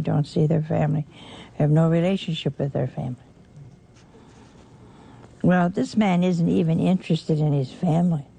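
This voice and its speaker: A woman's voice: deep voice, vocal fry, dark tone, slightly rough. A woman preaching a folksy sermon, teasing her listeners and acting out the people in a parable.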